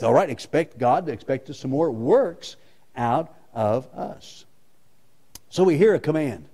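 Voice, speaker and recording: A male pastor preaching in a lively, animated way, his pitch sitting a little high for a man. He hammers his points home by repeating them with rising emphasis. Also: measured pace. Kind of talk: sermon.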